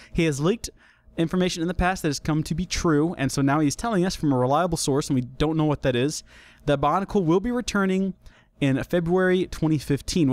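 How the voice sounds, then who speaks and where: On a dry recording, a young man with a medium-pitched voice hosts a casual solo podcast. He's chatty, jokey and self-deprecating, frequently restarting his sentences.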